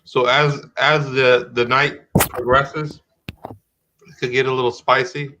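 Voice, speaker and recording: A man's voice: medium pitch, level tone, takes it slowly, muffled recording, background noise. A middle-aged man hosting a live-streamed talk show in casual chat, rambling and restarting his sentences as he thinks aloud.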